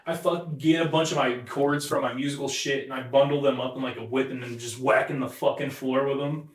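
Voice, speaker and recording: A young man co-hosts a casual podcast in an echoey room, telling rambling stories packed with profanity. His voice is medium in pitch with fairly even intonation and a brisk pace.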